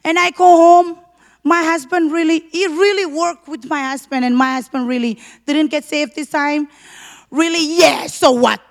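A woman preaching a fervent sermon testimony, leaning on repeated emphasis and sometimes breaking into shouted praise. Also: sits high, steady tone, normal speed. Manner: leans on repeated emphasis words.

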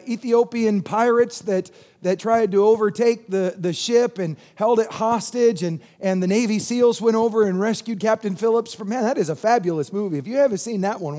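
Man, pastor, high-pitched, sermon, call-and-response, middle-aged. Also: mellow. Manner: call-and-response preaching, asks congregation to repeat.

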